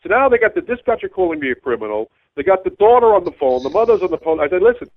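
A man calling in to a talk show, a taxi driver telling a long story in an animated, rambling way with many stammered repeats. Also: sits high, rapid-fire, dry recording. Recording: tinny phone line.

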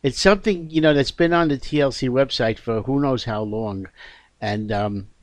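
A man hosting a talk radio show at an ordinary middle pitch. He speaks earnestly and often stops to restart his sentences. The sound is dry and close in the studio. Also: no room sound. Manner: halting, frequent restarts, earnest. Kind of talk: casual radio chat.

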